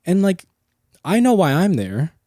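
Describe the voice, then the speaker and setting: Dark-voiced young man rambling casually. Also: high-pitched, sing-song, unhurried, dry recording, studio quality. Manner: rambling storyteller, heavy swearing and filler words. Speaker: podcast host. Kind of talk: casual chat.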